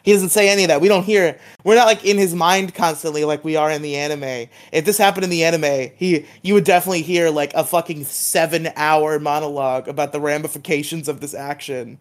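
A man's voice: fairly high pitch, steady tone, brisk, hardly any pauses. A man co-hosting a podcast, recapping a TV episode in a chatty way full of fillers. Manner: chatty, filler-heavy retelling of scenes. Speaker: podcast co-host.

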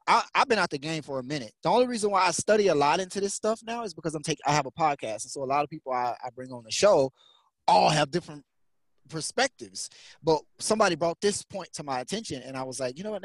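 A man's voice: a little high, lively intonation, fast, no echo. Dry-sounding man musing on a podcast. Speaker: podcast guest. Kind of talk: casual podcast chat.

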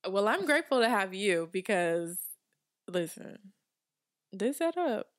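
A woman's voice: medium pitch, sing-song, a little slow. A woman in her twenties hosting a podcast from her home studio, talking casually and emphatically, often laughing. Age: 20s. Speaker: podcast host. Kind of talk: casual chat.

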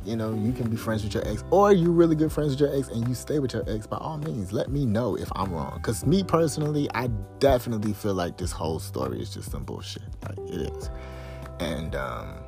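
Blunt, heated low-voiced man venting. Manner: blunt, profane, heated, rising to exasperated highs. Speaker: podcast host. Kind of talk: venting monologue.

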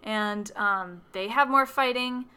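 A woman's voice: mid-range voice, slow, pushed and bright, smooth. A woman co-hosting a podcast, recapping a film's plot in casual chat, with fillers, laughs and acted-out quotes. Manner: chatty, lots of fillers and laughter, acts out quoted lines. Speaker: podcast co-host.

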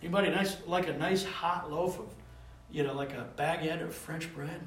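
A man preaching a conversational sermon to a small group. He talks in an animated, rambling way and keeps asking the listeners for answers. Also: fairly high pitch, normal speed, a little hiss or hum. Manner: animated, rambling, calls for responses. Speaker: pastor. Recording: roomy room, voice from a distance.

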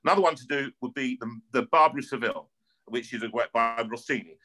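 A man's voice: medium pitch, quick pace, low-quality recording. A middle-aged man from North London with a North London accent, an opera singer telling stories in a casual interview and often repeating words as he goes. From North London, England. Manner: animated storyteller, repeats words as he talks.

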